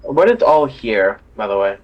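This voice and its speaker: Halting man playing a wizard. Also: fairly low pitch, sing-song, dull audio. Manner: halting, questioning, restarts. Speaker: player. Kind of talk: casual tabletop role-play.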